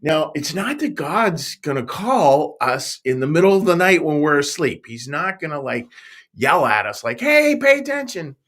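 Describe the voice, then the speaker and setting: A man, a pastor, telling a Bible story to young children in a playful, animated way, speaking right to the kids. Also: fairly high pitch, moderate pace.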